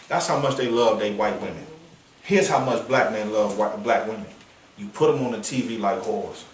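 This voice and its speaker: A man preaching on a downtown street in a forceful, confrontational, slangy manner, with call-and-response from listeners. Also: mid-range voice, expressive, moderate pace. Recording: echoey street sound from a distance.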